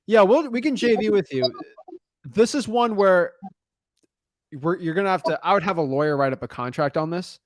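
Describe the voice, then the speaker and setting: A man's voice: sits high, expressive, moderate pace, no echo, clean studio sound. A young adult man coaching callers on real estate deals live, direct and encouraging, checking in with the listener as he talks.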